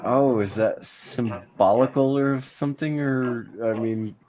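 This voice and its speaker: A man's voice: medium pitch, slow pace, crowd noise. A man hosting a stream, joking casually as he riffs on a movie. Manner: animated, joking. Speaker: stream host. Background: film audio and music.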